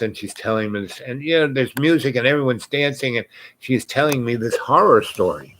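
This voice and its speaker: A man spins a rambling anecdote, full of fillers and self-corrections. His pitch sits in an average range, and the recording is close and dry. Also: brisk, fairly bright tone, dry recording. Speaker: storyteller.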